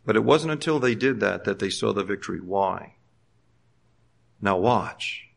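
A middle-aged man preaching a sermon. He moves between loud, fervent exhortation and quiet, conversational storytelling. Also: on the low side, lively intonation, measured pace, creaky.

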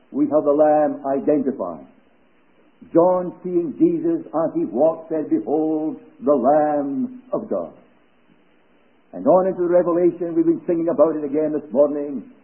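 A man preaching a sermon at a church service, measured, letting key phrases fall to hushed low endings. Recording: tinny phone-like recording.

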